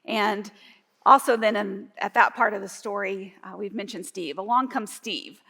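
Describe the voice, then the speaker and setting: A woman's voice: mid-range voice, normal speed, vocal fry, sharp tone. A woman on a church leadership team speaking in an earnest, conversational way during a sermon. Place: church sanctuary. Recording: long hall reverb.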